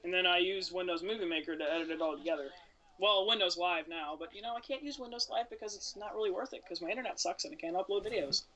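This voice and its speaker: A man's voice: high voice, fast, bright, forceful tone. A man co-hosting a casual podcast, rambling and joking about himself while talking games. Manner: rambling, self-deprecating joking. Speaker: podcast co-host, game commentator.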